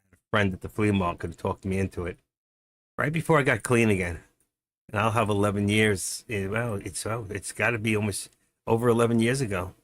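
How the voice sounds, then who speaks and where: A man's voice: lowish voice, a bit bright. A middle-aged man hosting a live stream, chatting casually and rambling to himself as he trades. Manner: rambling, muttering to himself, chuckling storyteller. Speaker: livestream host and day trader. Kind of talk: casual live-stream chat while trading.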